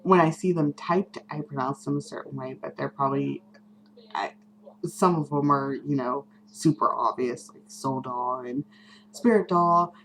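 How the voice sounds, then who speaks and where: Low-voiced woman rambling casually. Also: unhurried, a little hiss or hum, poor audio. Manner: rambling, many ums and self-corrections, giggly. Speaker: vlogger. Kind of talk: casual chat to camera.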